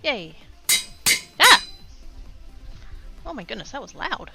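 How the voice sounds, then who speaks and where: A woman's voice: high voice, very animated, takes it slowly, creaky, loud music behind the voice, poor audio. Bubbly Australian woman on a headset. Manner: bubbly, giggly, exclamatory. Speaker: craft livestreamer. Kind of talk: casual livestream chat greeting viewers.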